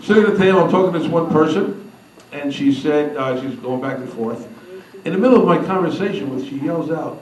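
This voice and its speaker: A man tells funny stories to a packed room, animated and acting out the voices of the people in them. His voice sits a little high. It rings through a large hall, caught from some way off with faint noise underneath. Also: normal speed, pauses often. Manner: animated, acts out quotes. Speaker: speaker at a convention. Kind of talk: humorous storytelling speech. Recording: echoey hall from a distance.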